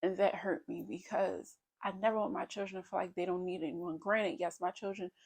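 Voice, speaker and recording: Her voice is fairly low, a little mellow and slightly rough, with vocal fry and a brisk pace. She's a vlogger in her thirties, speaking candidly and reflectively about her feelings.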